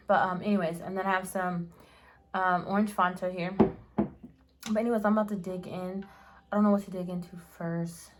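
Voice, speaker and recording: A young woman hosts a casual mukbang eating show at home, rambling and chatting between bites with lots of fillers and restarts. Her voice sits on the low side, slightly fast and fairly level, with a little hiss or hum in the audio.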